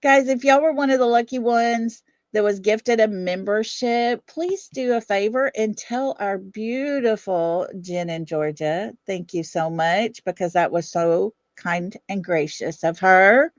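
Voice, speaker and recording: A woman's voice: medium pitch, unhurried, dry recording, clean studio sound. A middle-aged woman with a Southern US accent hosting a casual livestream chat, blunt, defiant and fiery. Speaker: livestream host.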